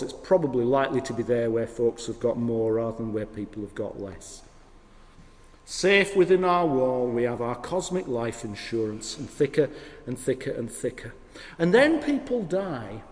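A man preaching as a vicar, with wry storytelling and sudden drops to hushed emphasis. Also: on the high side. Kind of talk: sermon. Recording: long hall reverb.

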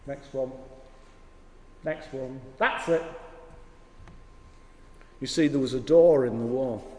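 Animated vicar in an echoing church. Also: male voice, medium pitch, slow. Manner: animated, wry storytelling with sudden drops to hushed emphasis. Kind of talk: sermon. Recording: long hall reverb.

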